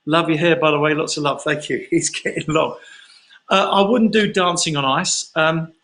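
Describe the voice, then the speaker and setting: Man, slightly higher voice, chatty, rambling, casual livestream Q&A. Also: moderate pace, a bit bright, low-quality recording. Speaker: singer answering fan questions.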